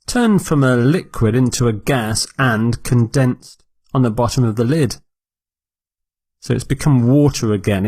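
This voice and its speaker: A man teaching vocabulary at an unhurried, measured pace, saying each word twice so learners catch it. His voice sits in a middle range and sounds dry and close, with no room echo. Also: medium pitch, a little mellow. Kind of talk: slow, deliberate vocabulary lesson.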